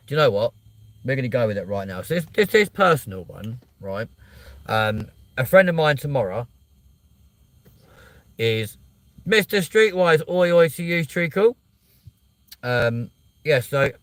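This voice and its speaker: A man's voice: mid-range voice, fairly bright tone, no room sound, poor audio. A man ranting casually and bluntly, swearing a lot as he tells a story. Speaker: vlogger.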